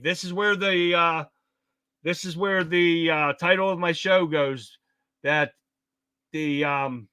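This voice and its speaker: A man hosts a casual political livestream, speaking bluntly, swearing, reading chat comments aloud and greeting viewers by name. His fairly high voice is bright and forceful, with no room sound.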